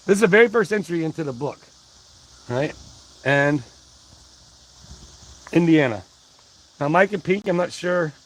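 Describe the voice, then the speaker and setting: Wearing a wireless mic on his body, a man runs a casual livestream, greeting his chat by name and rambling in a folksy manner while out of breath. His voice is on the high side, and the recording is low quality.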